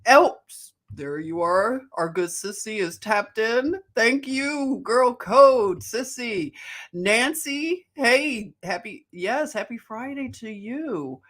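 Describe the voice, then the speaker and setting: A woman's voice: on the high side, animated, slow, a bit bright. A woman with a Philadelphia accent hosting a casual livestream, greeting viewers by name and laughing often. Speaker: livestream host.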